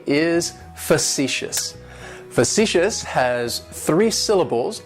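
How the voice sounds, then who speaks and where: A man teaching English vocabulary in an online lesson. He says each word slowly and carefully, in a friendly, lightly joking way. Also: medium pitch.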